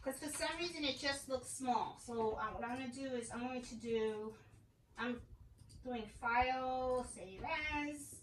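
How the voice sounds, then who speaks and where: A chatty woman with a high voice walks viewers through a crafting project in her home craft room. She talks in a loose, friendly way and keeps checking in with her audience. The camera sits on a tripod in a bouncy, echoey room with a faint hiss behind her. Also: unhurried. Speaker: crafting channel host. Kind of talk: casual how-to vlog.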